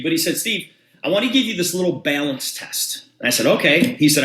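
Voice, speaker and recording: A man with a somewhat high voice tells a story to an audience and acts out both sides of the dialogue. The sound is roomy, with an echo behind him. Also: a bit bright. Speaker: presenter. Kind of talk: storytelling testimonial.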